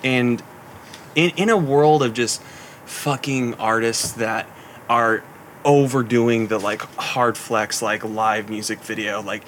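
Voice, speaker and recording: A man's voice: medium pitch, slow, fairly bright tone. A laid-back young man with an ordinary mid-range voice hosts a casual chat. He rambles and swears freely. Faint background noise runs under the recording.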